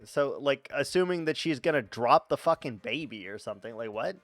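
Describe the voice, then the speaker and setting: A man's voice: mid-range voice, lively intonation, brisk, fairly bright tone, no room sound, studio quality. A man chatting casually while streaming a game, rambling, swearing freely and talking to his chat. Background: faint background music.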